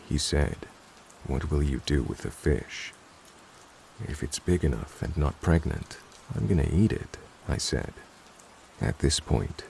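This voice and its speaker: Very deep gravelly man narrating. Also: darkish tone, a little hiss or hum, poor audio. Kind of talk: scripted narration. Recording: rain sounds behind the voice.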